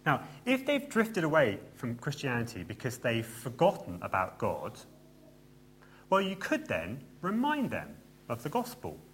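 A man's voice: on the high side, a bit bright, slight background noise. A man preaching a sermon in a church, earnest and emphatic, with light asides to the congregation.

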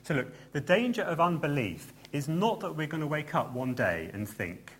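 A man's voice: fairly high pitch, sing-song, moderate pace, few pauses, a bit bright, slightly rough. A man preaching a sermon in a church, earnest and emphatic, with light asides to the congregation.

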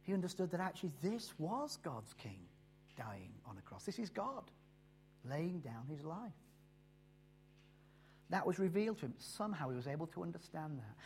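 A man preaching a sermon, slowing down and swelling in loudness on key phrases before dropping low again. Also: sing-song, slight background noise. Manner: emphatic, rises and drops in loudness and slows on key phrases.

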